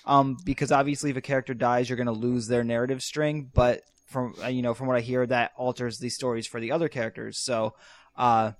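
Here is a young man chatting on a podcast in a loose, rambling way, full of ums and restarts. His voice sits at a middle pitch and sounds close and dry, with no room around it. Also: level tone, a little fast, no echo. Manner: rambling, hesitant with many fillers, laughs easily. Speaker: podcast co-host. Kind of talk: casual chat.

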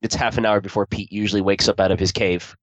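Low-voiced joking podcast host man. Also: flat delivery, fast, dry recording, rough recording. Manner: joking, rambling, swears casually. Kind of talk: casual podcast chat.

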